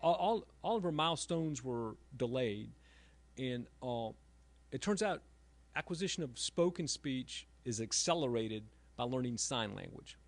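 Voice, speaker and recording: A middle-aged man, an author and emergency room doctor, giving a halting talk with self-deprecating humor at a library event. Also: medium pitch, lively intonation, dry recording.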